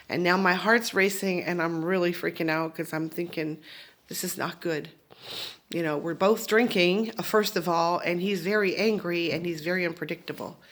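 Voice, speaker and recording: A woman telling a personal story to the camera in a candid, confessional way, growing emotional and tearful. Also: lowish voice. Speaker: vlogger telling her own story.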